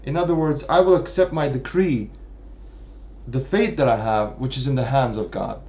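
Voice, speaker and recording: Heard through a muffled recording, a mid-range, mellow male voice moves at a normal pace. He's a literature commentator reasoning out loud about a literary work, unscripted, with frequent restarts and "right?" tag questions.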